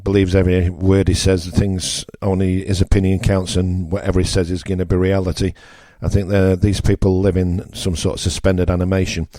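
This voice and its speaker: Northern english bloke on the radio, lowish voice, blunt ranty monologue, dry sound. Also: male voice, level tone, fairly quick, few pauses, mellow, no echo. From northern England. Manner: blunt, ranting, emphatic repetitions. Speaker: radio show host. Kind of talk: opinionated political monologue.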